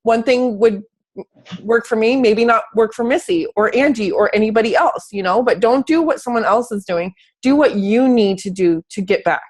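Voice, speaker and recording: A woman's voice: a little high, moderate pace. Motivational woman host, emphatic and blunt, heard over a video call. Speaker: host of a coaching live video. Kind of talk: casual live-stream chat.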